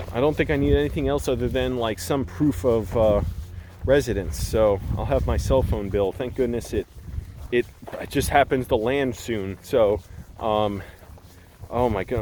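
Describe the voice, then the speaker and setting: A man's voice: medium pitch, darkish tone, slight background noise, poor audio. A young man vlogging outdoors on a hillside while walking, rambling and swearing freely in a casual rant.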